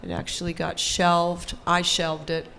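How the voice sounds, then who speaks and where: A woman's voice: on the low side, flat delivery, unhurried, vocal fry, a bit bright, a little hiss or hum. A woman guest on a convention panel, talking in a laid-back, blunt way. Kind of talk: casual chat on a convention panel.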